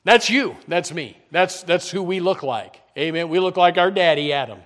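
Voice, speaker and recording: A man's voice: high voice, lively intonation, normal speed, a bit bright. A man preaching a folksy, humorous sermon as a pastor, often saying "amen" and building up emphasis.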